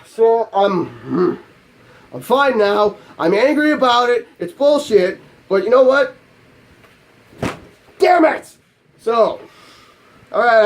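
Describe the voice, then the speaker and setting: A man ranting in an angry, profane and exasperated way, with self-mocking asides, as a gaming YouTuber. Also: high-pitched. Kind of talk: angry vlog rant.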